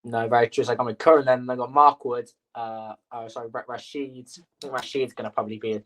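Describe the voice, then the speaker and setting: A man's voice: medium pitch, fairly even intonation, fast talker, a bit bright, low-quality recording. A man hosting a sports podcast, thinking aloud with lots of fillers in casual chat. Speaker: podcast host.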